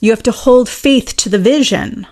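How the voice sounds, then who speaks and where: A woman's voice: a little high, normal speed, darkish tone. A woman teaching as a manifestation coach in a casual monologue, earnest and emphatic, repeating her key points and answering viewer questions.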